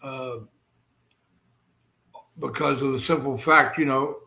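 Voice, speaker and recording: An American man hosting a live stream, chatting casually and rambling with many fillers and pauses. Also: medium pitch, steady tone, creaky, bright, forceful tone, low-quality recording. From United States. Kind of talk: casual chat.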